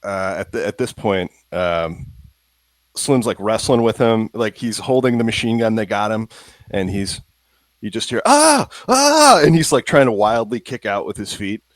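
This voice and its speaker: A man's voice: lowish voice, moderate pace, no echo. A man playing in a tabletop game, chatting in an upbeat way and laughing easily. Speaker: player. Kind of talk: casual tabletop play chat.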